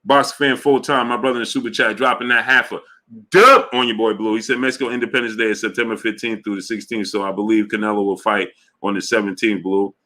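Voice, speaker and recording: A man's voice: on the low side, quick pace. Emphatic man hosting a boxing livestream. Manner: animated, emphatic, repeats himself. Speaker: boxing show host. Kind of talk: casual livestream talk, reading chat.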